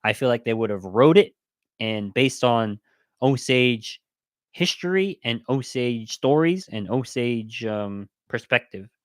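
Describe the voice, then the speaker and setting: A man's voice: mid-range voice, a little slow, no echo. Emphatic man ranting, dry close sound. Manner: animated and emphatic, voice rising when worked up; talks in loose restarts and rhetorical questions. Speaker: podcast co-host. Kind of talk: casual opinion talk.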